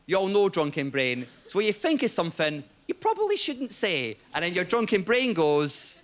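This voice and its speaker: A man's voice: high voice, normal speed. A young Scottish man doing a stand-up set on a TV studio stage, telling stories animatedly with a habit of tagging "right?". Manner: animated storytelling with frequent "right?". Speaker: stand-up comedian. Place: TV studio stage before a live audience. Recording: loud audience laughter and crowd noise.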